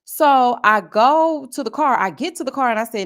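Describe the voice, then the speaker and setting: A woman in her forties telling a personal story to her viewers in a casual, animated vlog, speaking straight to the audience. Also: high-pitched, moderate pace. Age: 40s. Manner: animated, addresses viewers directly. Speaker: vlogger.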